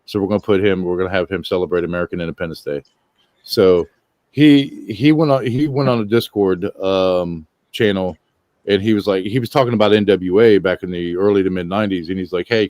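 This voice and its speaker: A man's voice: sits low, fairly quick, a little mellow, no room sound. A man from Scandinavia chatting casually on a stream, telling rambling stories and swearing freely. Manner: rambling storyteller, swears casually, acts out quotes. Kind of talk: casual chat.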